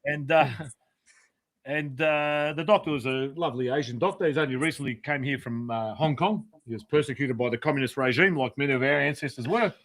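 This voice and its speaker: A man's voice: mid-range voice, brisk, fairly bright tone. A man hosting a casual chat show, telling jokes and reading out viewer comments with a laugh. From Australia. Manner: jokey, laughs through his own stories. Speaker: show host.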